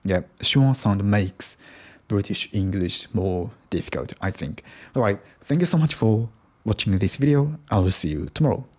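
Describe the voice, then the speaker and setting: A man's voice: fairly low pitch, animated, moderate pace, a little mellow. A young Japanese man with a Japanese accent, speaking English hesitantly with many restarts in a casual video diary. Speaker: English learner vlogger.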